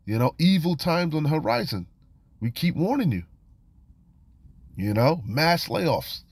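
A man's voice: a little high, sing-song, measured pace, breathy edge, no room sound. A man teaching from scripture in a casual, admonishing way, often repeating "you know" and "man". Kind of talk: informal scripture study and warning.

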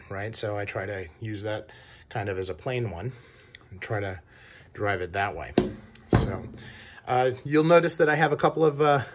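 A man with a lowish voice talks casually to camera about his collection. He speaks haltingly, stopping and restarting his sentences often. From Wisconsin. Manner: halting, many fillers and restarts. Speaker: shoe collector vlogger. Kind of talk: casual show-and-tell.

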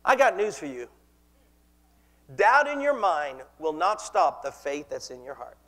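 A man's voice: on the high side, very animated, a little slow, sharp tone, big-room sound. A man preaching a sermon as pastor, impassioned and leading the congregation in call-and-response.

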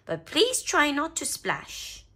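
A woman's voice: sits high, wildly swooping pitch, slow pace, a bit bright, voice pushed up, full character voice. Woman doing jolly daddy pig, ho-ho chuckles, raised voice, big swoops. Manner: hearty ho-ho chuckles. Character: jolly father pig, chuckling and good-natured.

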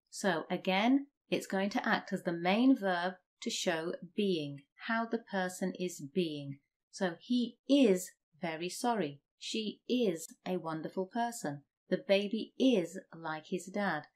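A woman teaching English grammar, reading example sentences slowly and deliberately. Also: medium pitch. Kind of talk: slow scripted grammar lesson.

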